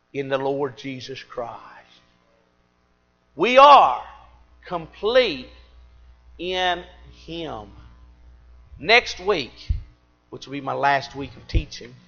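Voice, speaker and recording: A fervent middle-aged male preacher with a high, bright, forceful voice. He swings from loud, emphatic peaks down to quiet, confiding asides. The recording is a bit dull and lo-fi, with faint music underneath. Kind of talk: sermon.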